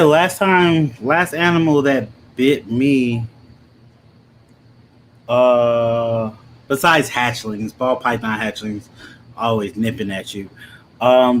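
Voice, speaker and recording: A man co-hosting a live chat over a video call, telling things in a calm, matter-of-fact way. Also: mid-range voice, slight background noise.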